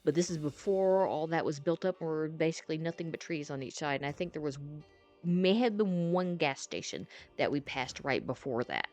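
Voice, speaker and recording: A woman's voice: deep voice, expressive, moderate pace, darkish tone. A woman in her thirties telling a personal story in a casual, rambling way, with lots of fillers, restarts and swearing. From North Carolina. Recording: faint music behind.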